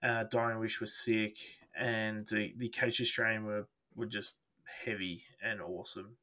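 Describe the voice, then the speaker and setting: A man co-hosting a music podcast, talking in a relaxed, easygoing way. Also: lowish voice, measured pace. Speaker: podcast co-host. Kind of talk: casual chat.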